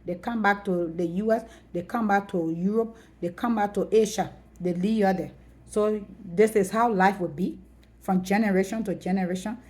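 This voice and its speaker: A middle-aged woman with a Liberian accent, ranting to her viewers in a loud, emphatic way, repeating her points. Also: mid-range voice, steady tone, moderate pace. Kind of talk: impassioned rant to camera.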